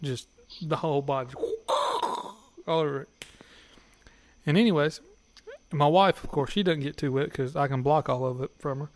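A man's voice: a little high, moderate pace, pauses often, a little hiss or hum. A man, a podcast guest, telling crude stories in casual chat and often laughing as he talks.

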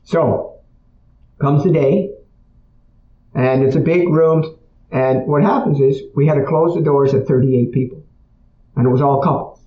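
A man's voice: fairly high pitch, a little slow, pauses often. A man speaking to an audience in a conversational storytelling way. He repeats his points and often checks in with "okay?". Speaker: speaker on emotional healing. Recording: echoey, dull room sound.

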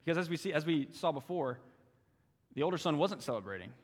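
A man's voice: on the high side, lively intonation, fast talker, big-room sound. A young man giving a sermon as a youth intern, earnest and fond of repeating phrases for emphasis. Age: young adult. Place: church sanctuary.

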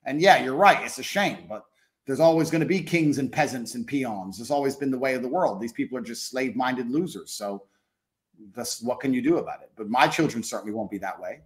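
A man's voice: mid-range voice, expressive, brisk, reverberant. A man speaking as a podcast guest, blunt and emphatic, swearing and hammering his points with repetition. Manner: blunt, profane, emphatic, repeats phrases. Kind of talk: casual interview talk.

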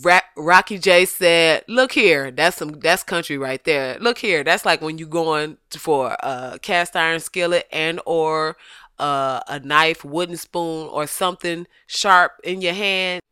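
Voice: mid-range voice, unhurried, clear, resonant tone, no room sound, clean studio sound. A podcast host in casual, comedic chat, laughing often and slipping into voices when quoting people. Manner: animated, laughs often, slips into quoted voices.

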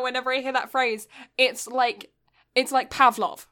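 A woman's voice: sits high, normal speed, sharp tone, smooth. A young woman from Britain telling a long story in casual chat, rambling with lots of fillers and getting exasperated.

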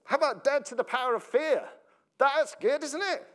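A man's voice: extremely high pitch, moderate pace, a bit bright. A man preaching a sermon as pastor, chatty and joking, often laughing and asking the congregation questions. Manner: jokey, laughs often, breaks up mid-sentence; conversational, asks the congregation questions.

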